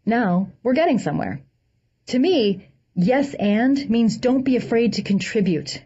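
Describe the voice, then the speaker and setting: A woman's voice: on the high side, very animated, a little slow, mellow, husky. A woman reading a humorous essay aloud with a dry comic delivery, acting out the quoted lines. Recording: dull lo-fi recording.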